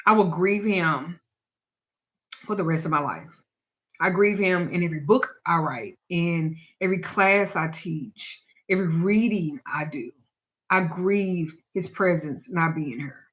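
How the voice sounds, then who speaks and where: A woman who teaches spiritual practice and gives readings shares a personal story in candid, casual talk, reflective and prone to trailing off and restarting. Her voice is lowish, unhurried and a bit bright.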